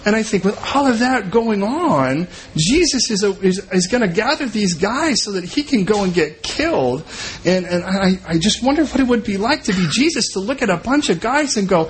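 A man's voice: high-pitched, lively intonation, moderate pace, slight background noise, poor audio. A man preaching a sermon as pastor, in a conversational way and often repeating and restarting his words.

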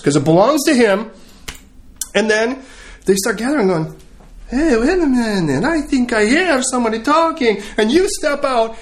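A man preaching a sermon. He tells stories with humor and acts out the scenes as he goes. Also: extremely high pitch. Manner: animated, humorous storytelling, acting out scenes.

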